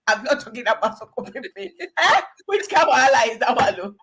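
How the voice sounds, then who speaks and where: A woman's voice: a little high, expressive, moderate pace, fairly bright tone, husky. A woman in her forties with a Ghanaian accent, a guest talking casually and animatedly on a live video call, laughing often and slipping into pidgin. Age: 40s.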